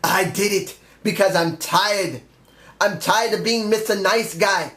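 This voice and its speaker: A man's voice: high-pitched, a little slow, sharp tone. A man putting on the voice of a brash, boastful Scottish male wrestler, declaiming menacing boasts in a raised voice. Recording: echoey room.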